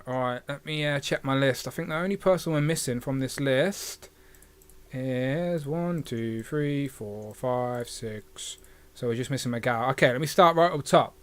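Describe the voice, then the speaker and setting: A man's voice: medium pitch, smooth. A man hosting a casual livestream, chatting and reading viewer comments aloud with filler hums. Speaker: livestream host.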